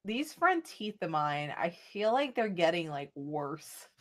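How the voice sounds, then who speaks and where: A woman's voice: on the low side, big pitch swings, unhurried, a bit bright. Chatty young woman vlogging to camera. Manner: rambling, chatty, with frequent "like" and sighs. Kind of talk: casual chat to camera. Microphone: phone camera held at arm's length.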